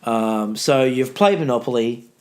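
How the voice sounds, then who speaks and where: A man's voice: medium pitch, unhurried, darkish tone. A male history teacher co-hosting a casual podcast, sarcastic and joking, rambling with restarts.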